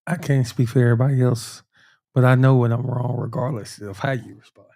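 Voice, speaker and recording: A man chimes into a relaxed conversation with short, dry remarks. He keeps his answers brief and plainspoken, and his voice sits at an ordinary pitch for a man. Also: a little fast, creaky. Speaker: co-host, husband. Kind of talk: casual chat.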